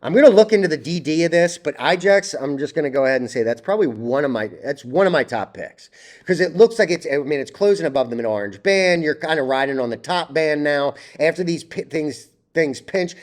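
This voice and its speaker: A young man hosting his own stock video, talking bluntly and swearing, rambling through charts with many restarts. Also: on the high side. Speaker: stock market video host. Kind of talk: ranting stock chart commentary.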